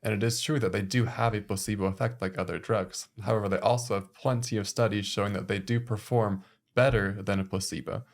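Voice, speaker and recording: A man from a clinic's team explaining medical research in a podcast conversation, measured and full of casual fillers. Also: lowish voice, steady tone. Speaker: clinic staff member.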